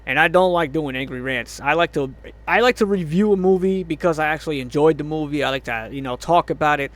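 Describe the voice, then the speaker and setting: A man's voice: a little high, quick pace, a bit bright. A man ranting angrily about a movie, swearing a lot, groaning in exasperation and laughing in disbelief. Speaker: movie reviewer. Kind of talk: angry movie review rant.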